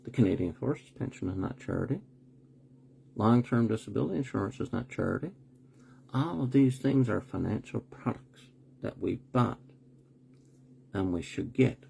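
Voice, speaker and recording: On his live stream, the man talks at a moderate pace in a lowish, mellow voice with vocal fry, expressive delivery and long pauses, over a little hiss or hum. His commentary is blunt, laced with rhetorical questions and sarcasm, and he swears occasionally when irritated.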